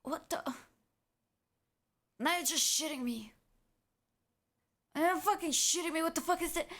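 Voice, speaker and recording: A woman streamer reacting casually to videos, excitable and swearing, with many exclamations. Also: very high-pitched, slow pace, gravelly, pauses often.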